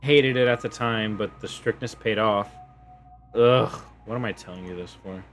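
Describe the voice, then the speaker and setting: A man's voice: on the low side, normal speed, soft background music, lightly acted. A man voicing a stern, tired young woman from a story game, reading her lines in a clipped, weary way.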